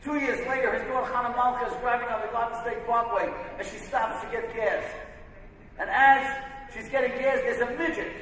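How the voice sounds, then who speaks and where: A rabbi delivers an inspirational sermon, telling stories with emphasis. His voice is very high-pitched and fairly bright, with fairly even intonation and a brisk pace. He is heard from far off in an echoey hall.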